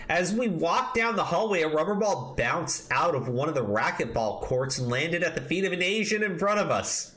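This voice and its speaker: A man's voice: sits high, fairly bright tone, low-quality recording. A man hosting a commentary show, reading a post aloud with mocking emphasis, swearing and laughing asides.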